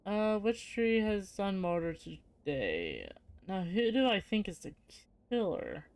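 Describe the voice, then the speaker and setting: Streamer, casual game commentary, reads on-screen text aloud, mid pitch, dry close sound. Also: very animated, takes it slowly, a little mellow, clear, resonant tone, no room sound.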